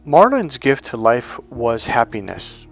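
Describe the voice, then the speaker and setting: A man's voice: mid-range voice, very animated, unhurried, vocal fry, soft background music. A man working as a life coach, telling a personal story in a reflective, conversational way with restarts and fillers.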